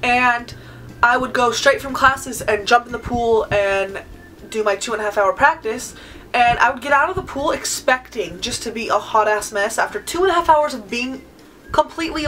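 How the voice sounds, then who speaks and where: A woman's voice: fairly high pitch, normal speed, a bit bright, slight background noise, low-quality recording. A woman in her twenties from California, answering viewer questions in a casual vlog, chatty and full of "like" and "um". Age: 20s. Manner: chatty, sprinkles in "like" and "um". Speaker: beauty vlogger.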